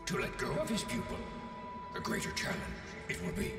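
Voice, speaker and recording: A man voicing a wise, calm old male alien master who speaks in inverted order, in an animated series trailer. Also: brisk, close to an everyday voice. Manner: inverted sentence order, gentle teaching tone. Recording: roomy hall echo, distant, loud music.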